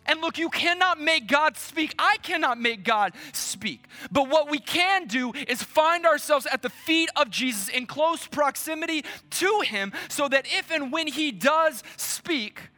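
A male pastor preaching a sermon to his church, slow and emphatic, with dramatic pauses. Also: very high voice, sharp tone.

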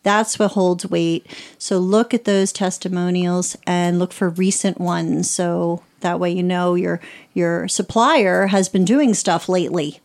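A woman's voice: lowish voice, fairly even intonation, a little slow, vocal fry, a little mellow. An American-born woman, a wedding celebrant, chatting in a podcast interview, laughing often and slipping into playful voices. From United States.

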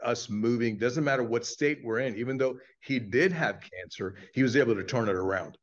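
An earnest man tells a story on a podcast, acting out the lines of the people in it. His voice sits at a middle pitch. The recording sounds dull and lo-fi. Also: normal speed. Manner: earnest, animated storyteller who acts out quotes. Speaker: podcast guest. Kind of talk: casual storytelling chat.

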